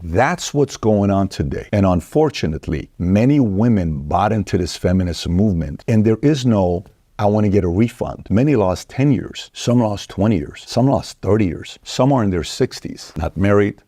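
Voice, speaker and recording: Brief: lower-voiced man lecturing, emphatic and preachy, dry close sound. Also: expressive, mellow, breathy edge, no room sound. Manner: emphatic, preachy, quick asides. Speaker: commentator. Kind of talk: motivational podcast talk.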